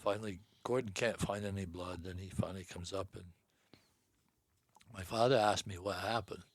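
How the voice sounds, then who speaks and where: A man's voice: low voice, fairly even intonation, no echo. Folksy older man telling hunting tales. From Vermont. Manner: folksy, unhurried storyteller. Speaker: hunting guest. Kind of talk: storytelling interview.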